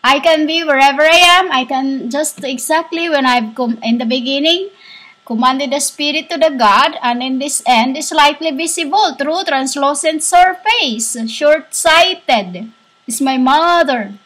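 A woman speaks slowly into a laptop microphone, giving a drifting spiritual monologue. She halts often, searching for her words between long pauses. Her voice sits high. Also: a bit bright, low-quality recording. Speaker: self-styled spiritual speaker. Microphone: laptop built-in microphone.

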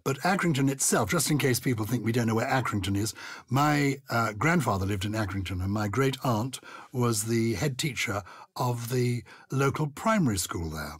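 A man's voice: mid-range voice, expressive, moderate pace, fairly bright tone, breathy edge, no room sound. An older man co-hosting a podcast, chatting playfully and theatrically and reading listener letters aloud. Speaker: podcast co-host. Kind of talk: casual chat about words.

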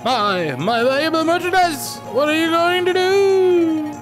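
A man reading game dialogue aloud, voicing a fussy old male merchant who pleads in a high, squealing voice. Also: lively intonation, measured pace, music in the background. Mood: panicked.

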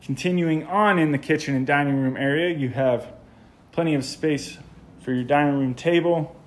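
A man's voice: a little high, moderate pace. Enthusiastic American man touring a home. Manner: enthusiastic, gushing. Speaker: home tour vlogger. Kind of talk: casual walkthrough narration. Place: indoors in a model home.

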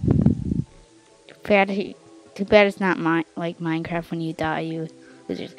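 A woman casually commenting on her own gameplay, swinging from hushed mutters to loud excited outbursts. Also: on the low side, slow pace, vocal fry, long pauses, soft background music. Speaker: gameplay narrator.

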